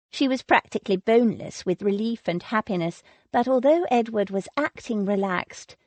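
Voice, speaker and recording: A woman narrating a romance audiobook in a measured, emotional read. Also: medium pitch, a little mellow, no echo. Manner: slow and measured, voicing characters with emotion. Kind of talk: scripted narration of a romance novel.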